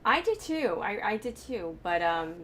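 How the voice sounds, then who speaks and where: A woman's voice: mid-range voice, sing-song, measured pace, a bit bright. A woman hosting a casual movie reaction chat, talking in a rambling way with lots of fillers, restarts and laughter. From United States. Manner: chatty, laughs often, many fillers and restarts. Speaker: host.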